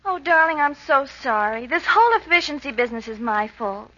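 An actress playing a tender, affectionate young fiancée in a vintage radio comedy, with a breathy voice. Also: female voice, high-pitched, expressive, a little fast. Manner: tender, fond and softly laughing. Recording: muffled old radio recording.

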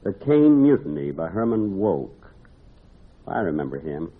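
A man hosting and narrating a 1950s radio comedy sketch with deadpan comic timing and wry asides. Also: low voice, unhurried, husky. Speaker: comedy show host and narrator. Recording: tinny noisy old radio broadcast.

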